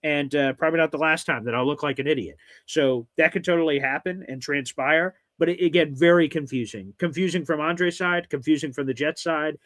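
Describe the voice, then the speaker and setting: A man hosting a casual sports podcast, wry and quick with mock-dramatic asides. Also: a little high, a bit bright, no room sound. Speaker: podcast host. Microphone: streamed podcast mic.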